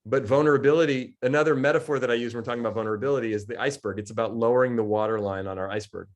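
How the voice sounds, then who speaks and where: A man in his forties giving a lively coaching talk to a group, answering questions and acting out little quoted exchanges. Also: mid-range voice, very fast. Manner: lively, acts out quoted voices, laughs often. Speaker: coach and speaker.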